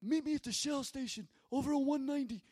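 A man doing an impression of a tough-talking, brisk and businesslike Italian man from New York, with a clipped, streetwise New York accent. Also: very high voice, a little mellow, voice pushed up. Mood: brusque.

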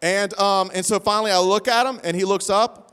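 A man preaching a sermon, telling a funny, self-deprecating story in an animated way. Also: sits high, brisk, smooth. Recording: long hall reverb.

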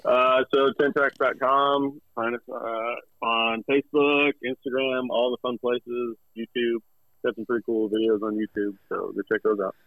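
A man talking as a guest in a casual interview, relaxed and halting with many fillers. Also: medium pitch, dry recording, phone-quality sound. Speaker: guest, company representative.

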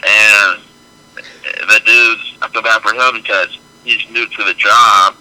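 A man co-hosting a podcast, chatting casually and reasoning things out aloud in a relaxed way. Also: lowish voice, takes it slowly, poor audio. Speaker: podcast co-host. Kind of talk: casual chat.

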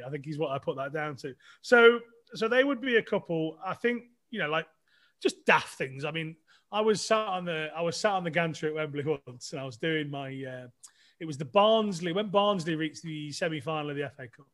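A man's voice: a little high, a little fast, a bit bright. A middle-aged man with a chatty, self-deprecating manner, telling stories casually as a podcast guest, with many restarts. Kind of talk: casual storytelling.

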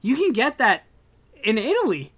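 A young man in casual podcast chat, animated and ranting, swearing freely as he rants. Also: very high voice, moderate pace, breathy edge. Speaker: podcast co-host.

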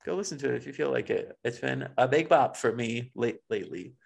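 A man co-hosting a casual podcast, talking loosely and laughing a lot. His voice has a gravelly, fry-laced texture at a middling pitch. He sounds relaxed and playful. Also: a little fast. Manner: laughs often, playful and chatty. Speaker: podcast co-host. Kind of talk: casual chat.

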